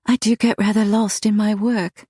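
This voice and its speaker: A woman's voice: medium pitch, moderate pace, mellow, dry recording, clean studio sound, voice pushed up, close to an everyday voice. A woman voicing a timid, earnest young woman painter who speaks eagerly and a little breathlessly. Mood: nervous.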